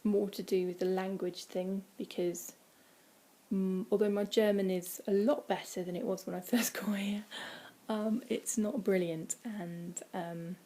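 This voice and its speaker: A woman chatting casually from home in a vlog, rambling with many ums and dropping into quiet, breathy asides. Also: mid-range voice. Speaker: vlogger. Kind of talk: casual weight-loss vlog. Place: indoors at home, by a window.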